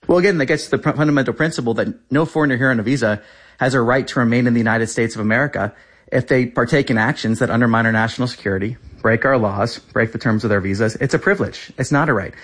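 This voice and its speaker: A man's voice: mid-range voice, quick pace, a bit bright. A man in his thirties, a government spokesperson, answering interview questions with insistent, repeated talking points.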